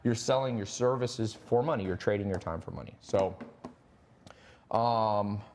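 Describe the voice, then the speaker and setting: A man hosting a live online stream, pitching a business training program in a quick, animated, joking way. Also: slight background noise. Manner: fast, animated pitching, jokes and laughs. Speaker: host.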